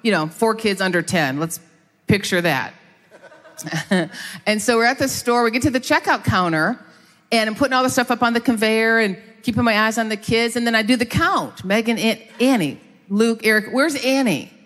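A middle-aged woman pastor telling a story in a sermon, chatty and animated, turning to the congregation with quick asides. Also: on the high side. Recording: long hall reverb.

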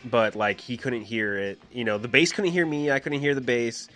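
A man appearing as a guest on a podcast, describing his band's gigs in a relaxed, halting way full of "you know". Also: medium pitch, faint music behind. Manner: laid-back, halting, fillers like "you know". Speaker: musician guest. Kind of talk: casual podcast chat.

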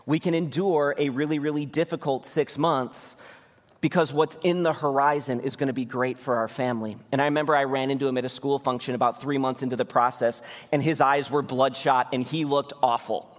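A man's voice: steady tone, fairly quick. Preaching man in a reverberant hall. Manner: impassioned preaching, voice climbing high on key points. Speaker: pastor. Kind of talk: sermon. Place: church sanctuary.

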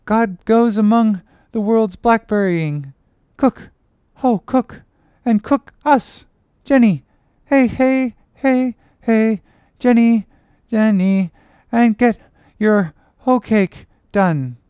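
A crazed young cabin boy chants and rambles in a sing-song, played by a woman. The voice is clean and smooth, sitting a little high, and it drifts along at a very unhurried pace. The recording is dry and close, like a storybook read in the studio. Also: dark tone, dry recording. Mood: rambling. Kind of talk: audiobook character reading.

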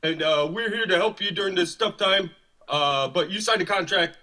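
A man's voice: high-pitched, moderate pace, bright, forceful tone. A man doing a robotic drill-sergeant gym salesman. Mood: stiff salesy. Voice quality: clipped, drill-sergeant delivery, repeats slogans. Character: stiff robotic male gym rep, salesman. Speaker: gym caller.

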